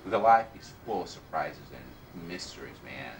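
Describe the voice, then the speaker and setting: An actor playing a chatty male book seller telling an anecdote, animated and acting out the quotes. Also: low voice, moderate pace, gravelly, background noise. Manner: animated storyteller, acts out quotes, laughs. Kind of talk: film monologue, casual storytelling.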